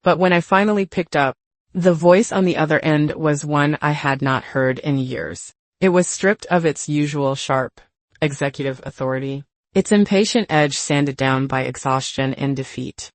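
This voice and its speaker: An older woman narrating a first-person story in a measured, reflective way. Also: low-pitched, no room sound.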